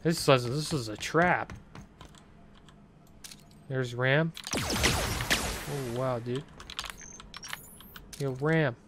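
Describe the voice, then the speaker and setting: Guy talking over his gameplay at home, mid pitch, noisy mic with keyboard clicks. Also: drawn-out words, pauses often. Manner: chatty, excitable, laughs along with the game. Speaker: gameplay commentator. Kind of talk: casual gameplay commentary.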